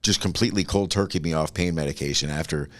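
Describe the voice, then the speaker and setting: A man's voice: extremely low pitch, quick pace, a bit bright. A man co-hosting a podcast in casual chat, dropping dry, wry remarks. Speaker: podcast co-host.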